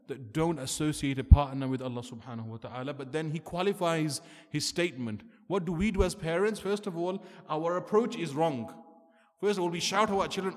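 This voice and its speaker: A man's voice: a little high, brisk. A man preaching an earnest, emphatic sermon, asking rhetorical questions as he lectures. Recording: long hall reverb.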